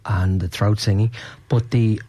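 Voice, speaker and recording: Low husky guy hosting radio, rambly and excited, dry studio sound. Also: a little slow, no room sound. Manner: enthusiastic, rambling with fillers. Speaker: radio host. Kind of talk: casual radio chat.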